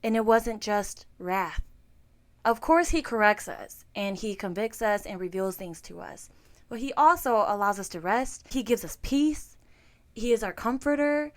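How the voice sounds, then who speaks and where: A woman co-hosting a casual podcast, speaking candidly and expressively. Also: mid-range voice. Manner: expressive, quick affirmations, candid. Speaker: podcast co-host.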